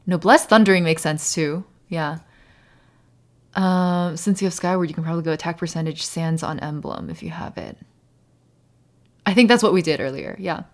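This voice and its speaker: A woman live-streaming a game, chatting casually and thinking aloud, breaking into laughs and sometimes slipping into Mandarin. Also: vocal fry. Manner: laughs often, bursts into high excited yelps. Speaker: variety streamer.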